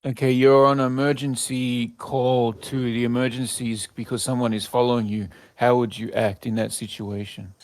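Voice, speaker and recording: A man in a casual test session, pushing an assistant with insistent requests. His speech halts and restarts as he searches for words, and his voice sits at an ordinary pitch in a dry setting. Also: flat delivery, normal speed, few pauses, dry recording. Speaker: user testing the assistant. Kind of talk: casual instructions.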